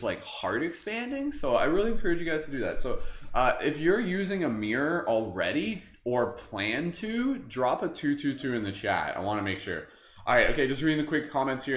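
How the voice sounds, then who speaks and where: Laid-back man with a roomy echo. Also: medium pitch. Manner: casual, filler-heavy, chuckles often. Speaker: meditation livestream host. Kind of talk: guided meditation and live chat. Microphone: webcam livestream setup. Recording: roomy echo, faint ambience.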